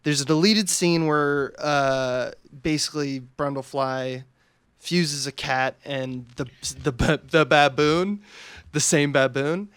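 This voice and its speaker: A young man co-hosting a casual film podcast, relaxed and rambling, with lots of fillers. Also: fairly high pitch, slow pace, clear, resonant tone, no room sound. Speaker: podcast co-host.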